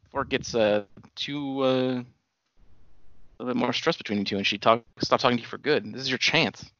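A man's voice: mid-range voice, brisk, fairly bright tone, no room sound, dull audio. A young man co-hosting a casual podcast, teasing and needling his friend with crude jokes.

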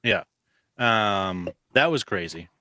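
A man's voice: lowish voice, animated, slow pace, pushed and bright, no room sound. A man co-hosting a movie podcast, talking in a matter-of-fact, dry way. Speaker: podcast co-host. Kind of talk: casual movie-review chat.

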